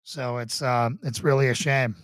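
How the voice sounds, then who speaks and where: A man's voice: mid-range voice, moderate pace, no echo, studio quality. A man from the Boston area, a pastor co-hosting a casual chat, joking and laughing often. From Boston area, USA. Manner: jokey, animated, laughs often. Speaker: pastor and show host.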